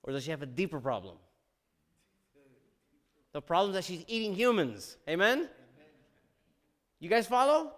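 A male pastor preaching a sermon, animated, asking the congregation questions and acting out the scripture. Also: sits high, normal speed, pauses often. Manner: animated, asks the congregation questions, dramatizes quotes.

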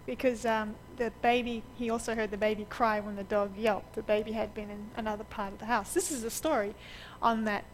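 A woman preaching a sermon, telling lively stories over slides and laughing often. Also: fairly high pitch, a little fast, a little hiss or hum, poor audio. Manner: lively anecdotal storyteller who laughs often.

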